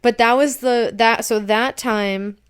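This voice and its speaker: A woman's voice: a little high, fairly even intonation, slow pace, clean tone. A young woman co-hosting a podcast, casually telling a long personal story and acting out her own panicked reactions. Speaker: podcast co-host.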